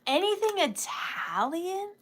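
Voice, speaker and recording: A woman's voice: very high voice, sing-song, slow pace, fairly bright tone, a little hiss or hum. A woman hosting a live online sale, chatting casually with viewers in a giggly, joking way. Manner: chatty and giggly, jokey asides.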